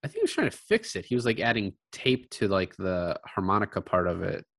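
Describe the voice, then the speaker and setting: A man's voice: low voice, huge pitch swings, a little fast, creaky, a bit bright, dry recording, studio quality. A man co-hosting a casual film chat, retelling scenes with lots of laughter and fillers. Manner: chatty, laughs often, retells scenes with quoted lines. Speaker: podcast co-host.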